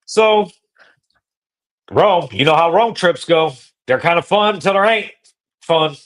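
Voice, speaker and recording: A man hosting a podcast, telling a road-trip story in casual, profane, slangy talk that gets animated. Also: on the high side, takes it slowly. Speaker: podcast host.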